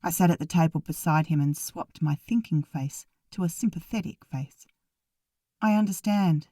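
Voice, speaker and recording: Woman narrating an audiobook, low and dry. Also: normal speed, mellow, no echo. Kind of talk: first-person audiobook narration.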